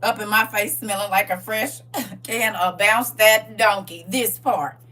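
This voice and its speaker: A woman hosting a livestream, talking in a casual, preachy, comic way, animated, laughing and teasing. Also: mid-range voice, measured pace, distant mic. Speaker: livestream host.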